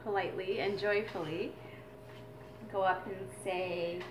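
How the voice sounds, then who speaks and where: A woman's voice: mid-range voice, fairly even intonation, unhurried, background noise. A woman teaching a drumming exercise as a mother, explaining in an earnest, reflective way. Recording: echoey room with drums.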